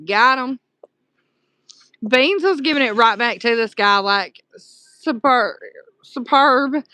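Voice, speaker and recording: A woman with a Southern US accent hosting a casual livestream from a dark room at home at night, chatting warmly and answering her chat aloud with pet names. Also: a little high, expressive, a little slow, clean tone, no room sound. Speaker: livestream host.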